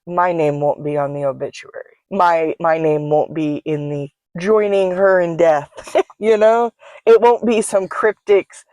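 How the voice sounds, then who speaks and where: A woman hosting her own podcast, speaking in a candid, reflective monologue on her own microphone, halting often to restart with soft laughs. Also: low voice, no room sound. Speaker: podcast host. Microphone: own microphone, self-recorded.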